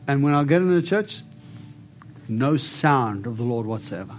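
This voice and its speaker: Over faint background music, a preacher delivers a charismatic sermon and prophecy at a fairly quick pace in a medium-pitched voice, declaring boldly and inviting the congregation's responses.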